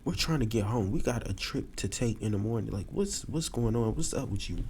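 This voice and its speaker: A young man hosting a podcast, telling a story casually to a live audience and acting out the quotes with sudden jumps in pitch. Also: animated, fairly quick, a little mellow, a little hiss or hum. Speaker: podcast host.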